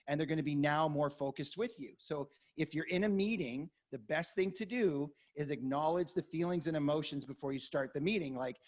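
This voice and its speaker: A man coaching a workshop, energetic and acting out client conversations as examples. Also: a little high, fairly quick, hardly any pauses. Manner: energetic, acts out dialogue examples.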